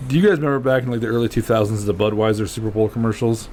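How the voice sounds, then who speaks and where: A man hosting a casual podcast chat, joking around and telling animated stories with frequent laughter. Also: fairly low pitch, very fast, a little hiss or hum. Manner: joking, animated storyteller who laughs often. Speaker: podcast host.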